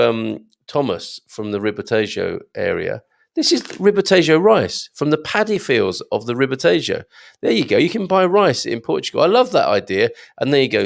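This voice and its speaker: A man with a medium-pitched voice and some vocal fry hosts a live show, reading viewer comments. He chats and rambles casually, with lots of ums and restarts.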